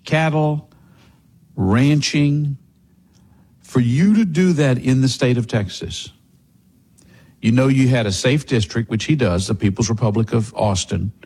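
A man's voice: mid-range voice, measured pace, pauses often, warm tone, husky. A man hosting political talk, giving combative, sarcastic commentary.

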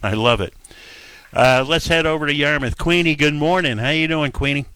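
A man hosting a call-in radio show, brisk and jokey as he chats with callers. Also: a little high, bright, forceful tone, clean tone, dry recording. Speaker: radio talk show host.

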